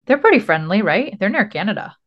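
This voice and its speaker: A woman's voice: medium pitch, big pitch swings, fairly quick, muffled recording. Lady cohosting a podcast, chatty, laughs a lot, rambles on. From Rhode Island. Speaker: podcast co-host. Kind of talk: casual chat.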